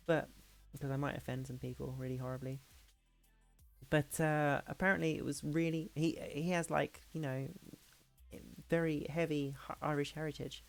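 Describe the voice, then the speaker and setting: A woman streamer in a casual hangout chat, talking fast and loose with frequent laughs and restarts. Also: low-pitched, fairly even intonation, gravelly, soft background music. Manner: chatty, laughing, restarts sentences.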